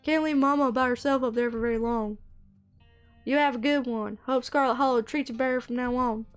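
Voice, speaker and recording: A woman's voice: fairly high pitch, fairly even intonation, brisk, smooth, faint music behind, lightly acted. A woman voicing a polite, folksy Southern farmer man in a put-on Southern drawl.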